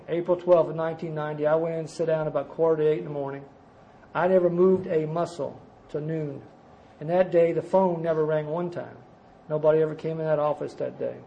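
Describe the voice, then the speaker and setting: A man's voice: on the high side, warm tone, lo-fi sound, slight background noise. A middle-aged man, telling his recovery story to a meeting in a folksy, self-mocking way. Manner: folksy, self-mocking, addresses listeners as guys.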